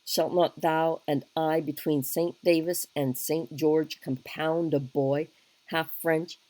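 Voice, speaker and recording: Brief: a woman voicing a soldierly young king who woos plainly, low voice, dry close sound. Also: warm tone, dry recording, poor audio. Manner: earnest, plain-spoken wooing. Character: young English king, blunt soldierly wooer. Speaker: teacher reading a play aloud. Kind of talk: dramatic reading of a play.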